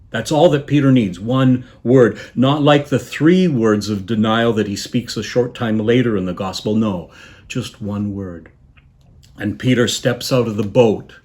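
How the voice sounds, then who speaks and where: A man delivers a sermon at an even middle pitch, reflective and lilting as he tells the story. He slows down and lets his voice fall almost to a hush on the key words. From Canada. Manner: measured, dropping softly on quoted words. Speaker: guest preacher.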